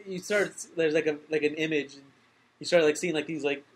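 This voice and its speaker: Casting: male podcast co-host, slightly high voice, rambling, goofy impressions. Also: steady tone, brisk, poor audio. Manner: rambling, many fillers, bursts into loud goofy impressions. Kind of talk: casual chat, recapping a movie.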